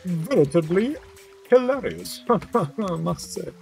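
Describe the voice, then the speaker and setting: Man doing a pompous posh English gent, high, swooping, florid. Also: sing-song, takes it slowly, vocal fry, a little mellow, faint music behind, full character voice. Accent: put-on posh British. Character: pompous old-fashioned English gentleman.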